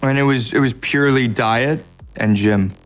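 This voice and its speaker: A man with an American accent chats easily as an interview guest, his voice sitting at an ordinary middle pitch. He jokes at his own expense and gets lively when telling a story. Soft music plays faintly behind him. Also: normal speed. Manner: laid-back, self-deprecating, animated in stories. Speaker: actor guest. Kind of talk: casual interview chat.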